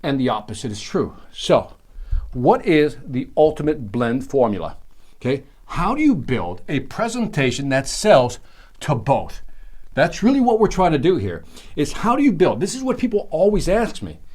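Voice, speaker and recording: A middle-aged man teaching a sales seminar, excitable and emphatic, speaking straight to his listeners. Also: on the high side, normal speed. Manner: animated, excitable, emphatic, talks to the listener directly. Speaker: sales trainer.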